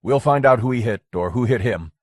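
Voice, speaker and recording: A man's voice: medium pitch, lively intonation, brisk, dry recording, studio quality, natural voice. A man voicing a matter-of-fact state trooper in a story reading. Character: brisk male state trooper.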